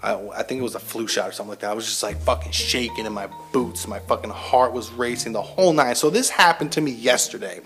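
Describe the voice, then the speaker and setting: A man's voice: medium pitch, fast, hardly any pauses, fairly bright tone, faint music behind. A man telling a personal story in a casual, heavily profane, self-mocking monologue to his listeners. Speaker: military veteran host.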